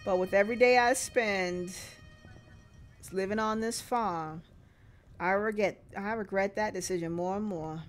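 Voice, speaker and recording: A woman's voice: medium pitch, a little slow, faint music behind, natural voice. A woman voicing a wry, world-weary farm woman, reading a game's narration aloud in a dry storytelling manner.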